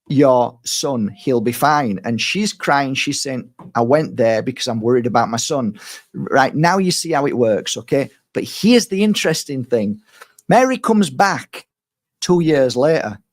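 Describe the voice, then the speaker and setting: A middle-aged man, a spiritual healer and medium, talking casually to his viewers and often rambling, repeating words and restarting his sentences. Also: medium pitch.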